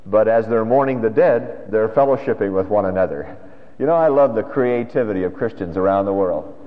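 A man's voice: lowish voice, lively intonation, brisk. Man preaching in a reverberant hall. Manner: conversational preaching with rhetorical questions. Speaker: pastor. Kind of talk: sermon. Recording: dull lo-fi sound with long hall reverb.

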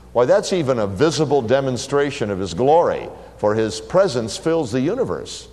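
A man preaches with a lively, animated delivery, his pitch rising and falling widely. His voice rings out with a long reverb trail, as if filling a large hall. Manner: expressive preaching, drops to a hushed voice for quoted words. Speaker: pastor. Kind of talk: sermon.

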